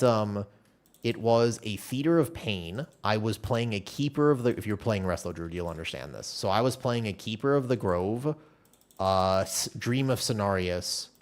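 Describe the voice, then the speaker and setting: Male streamer, casual and rambling, pitch low but very expressive, talks while playing. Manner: animated rambling storytelling, many restarts. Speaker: live streamer.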